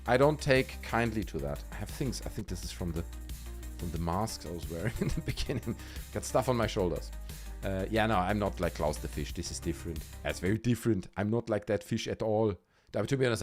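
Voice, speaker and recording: A man hosting a casual livestream from a warm room at home, joking sarcastically and reading out chat messages. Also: medium pitch, very animated, fairly quick, faint music behind. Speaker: livestream host. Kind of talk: casual live-stream chat.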